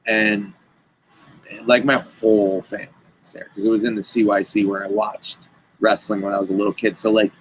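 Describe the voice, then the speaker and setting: A man's voice: fairly low pitch, brisk, a little hiss or hum, low-quality recording. A man, a guest wrestler, telling stories in casual chat and acting out the lines of the people in them. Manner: animated, acts out quoted dialogue.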